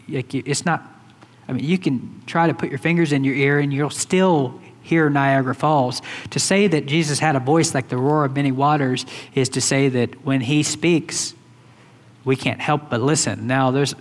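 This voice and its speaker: A man preaching a sermon in a loose, conversational way, with many fillers and restarts. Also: mid-range voice. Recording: hall reverb.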